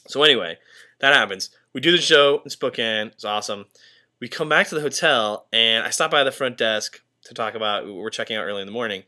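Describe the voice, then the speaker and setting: A man's voice: mid-range voice, brisk, pushed and bright. A young man telling a ghost story from his hotel room, rambling with lots of fillers and working himself into a panic. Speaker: tour crew member. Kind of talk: confessional vlog to camera.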